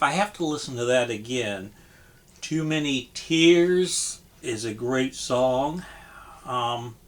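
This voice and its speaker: A man with a medium-pitched voice gives a casual spoken review of a music album. He's relaxed and appreciative but hesitant, with frequent ums and restarts.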